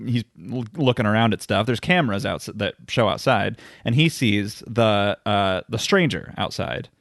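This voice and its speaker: A man's voice: lowish voice, lively intonation, normal speed, vocal fry, a bit bright, no echo, studio quality. A man co-hosting a podcast, joking casually while recapping a movie. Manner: joking, laid-back, laughs often. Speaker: podcast co-host.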